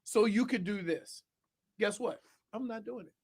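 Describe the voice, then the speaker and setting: A high-voiced man needles his co-host with dry teasing. His voice sits close and dry on a studio microphone. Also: moderate pace, husky, no room sound. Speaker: sports radio co-host. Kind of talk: sports talk radio banter. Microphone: studio broadcast mic.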